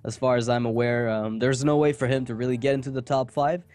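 A man casting an esports match, chatting casually between games with quick asides and jokes. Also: mid-range voice, little pitch movement, a little mellow. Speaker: esports caster. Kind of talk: casual pre-match commentary.

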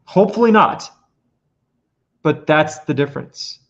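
A man's voice: on the high side, expressive, measured pace, creaky, fairly bright tone. A man presenting his points earnestly on a casual podcast, building emphasis as he goes. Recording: lo-fi muffled audio.

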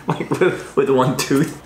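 A young man co-hosting a casual vlog, rowdy and loud, swearing and laughing a lot between bursts of outrage. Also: medium pitch, fairly even intonation, slow, a little hiss or hum. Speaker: co-host. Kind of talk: casual vlog chat while taste-testing. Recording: roomy sound with music underneath.

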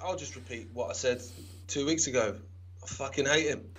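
A man's voice: mid-range voice, normal speed, a bit bright, husky. A man co-hosting a podcast in jokey, casual banter, swearing freely. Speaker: podcast co-host. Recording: dull lo-fi podcast audio.

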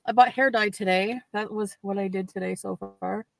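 A woman's voice: mid-range voice, steady tone, normal speed, gravelly, music in the background, low-quality recording. Female streamer, idle casual chat, replayed stream. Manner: talking to her chat while doing other things. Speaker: live streamer.

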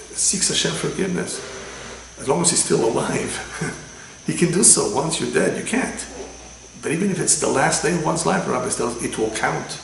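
A man, a rabbi, giving a religious lecture with animated storytelling and sudden loud quoted lines. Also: a little high, moderate pace, vocal fry, slight background noise. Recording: echoey room with faint ambience.

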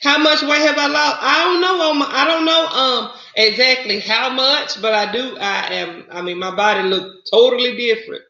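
A woman's voice: sits high, moderate pace, hardly any pauses, pushed and bright. A woman with a Southern US accent chatting casually on a livestream, greeting viewers and calling them honey and y'all. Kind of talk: casual live-stream chat. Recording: roomy, slightly dull lo-fi sound.

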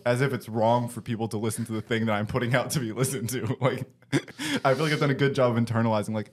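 A young man hosting a podcast from his basement, telling a story in a casual way, swearing and laughing often. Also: mid-range voice. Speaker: podcast host. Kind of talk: casual chat. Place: home basement.

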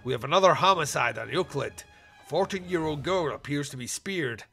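A man playing a gruff middle-aged small-town sheriff, giving curt, clipped lines. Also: fairly high pitch, animated, fairly quick, a bit bright, soft background music.

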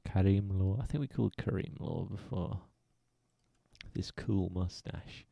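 A man's voice: sits low, a little slow, gravelly, dark tone, no room sound, muffled recording. A man streaming prank calls, bantering crudely and joking as he goes. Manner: crude, joking, laughs at own lines. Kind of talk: casual live-stream banter.

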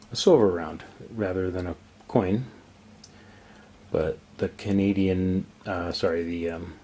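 A man hosting a casual coin collecting vlog, chatty and enthusiastic as he shows his pieces. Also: low-pitched. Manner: relaxed, chatty, enthusiastic about coins. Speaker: coin collecting channel host. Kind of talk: casual show-and-tell vlog.

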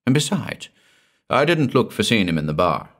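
A man's voice: lowish voice, big pitch swings, normal speed, fairly bright tone, pitched above the performer's own voice, heavily acted. A man voicing a timid, frightened male inn waiter who talks in an anxious, sheepish way.

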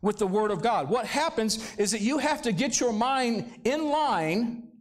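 High-voiced male pastor preaching. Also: animated, measured pace. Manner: conversational preaching with rhetorical questions to the congregation. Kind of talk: sermon. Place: church sanctuary, live service.

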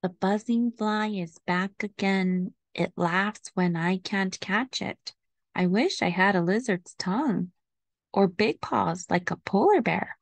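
A woman's voice: mid-range voice, dry recording. A woman reading as a fussy pampered house cat. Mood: gentle. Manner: slow, gentle read-aloud delivery. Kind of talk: storybook reading.

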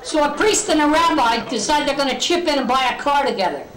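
A high, bright puppet comedian, voiced by a woman, rattling off bar jokes and slipping into little voices for each character. The sound is roomy and echoey. This is a joke-telling puppet in a short comedy bit. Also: expressive, fast talker, crowd noise, noisy background. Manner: joke-telling, mimics bar patrons with shifting voice.

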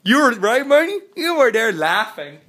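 A man chatting in a rambling, jokey vlog from his house, still sick, swinging from loud outbursts to mumbles. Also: very high voice, sing-song, normal speed. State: sick, congested. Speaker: vlogger. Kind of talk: casual vlog chat.

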